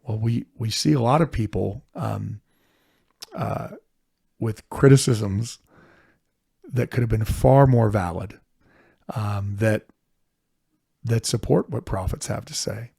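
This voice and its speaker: A middle-aged man, a podcast co-host, talking through history in an earnest, animated way. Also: on the low side, takes it slowly, gravelly, pauses often, slightly rough, dry recording, clean studio sound. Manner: earnest, animated, frequent restarts. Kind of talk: casual history discussion.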